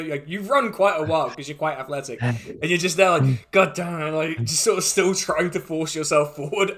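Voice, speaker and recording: A man's voice: on the high side, a bit bright. A man running a tabletop game as dungeon master, chuckling often and rambling loosely with plenty of fillers.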